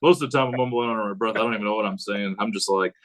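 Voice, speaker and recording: A man who is a high school head football coach, talking casually on a podcast in a rambling way and acting out what he says to players. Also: rapid-fire, rough recording. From United States. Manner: rambling, animated, acts out quotes of himself.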